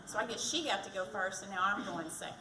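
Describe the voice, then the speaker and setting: A woman's voice: mid-range voice, quick pace. Chatty Texan woman on a distant mic. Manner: chatty, self-deprecating, joking with the crowd. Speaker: candidate for county treasurer. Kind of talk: campaign stump speech. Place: fire department community event. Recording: echoey, distant mic, background noise.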